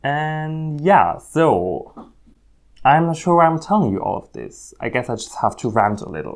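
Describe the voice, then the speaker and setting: A man's voice: a little high, big pitch swings, a little slow. A man filming a rambling, self-mocking vlog on his phone at home, talking at a table of plants with many ums. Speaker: orchid hobbyist vlogger. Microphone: phone camera.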